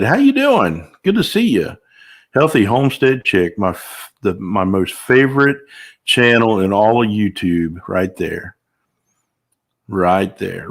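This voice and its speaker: An older man hosting a casual live stream, greeting viewers by name in an upbeat way with the odd whoop. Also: lowish voice. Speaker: livestream host.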